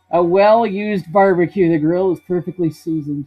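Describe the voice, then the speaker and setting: Playful woman streamer, slightly breathy, muffled stream audio over game music. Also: on the low side, moderate pace, few pauses. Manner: playful, reads game text aloud and jokes. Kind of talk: casual let's-play commentary.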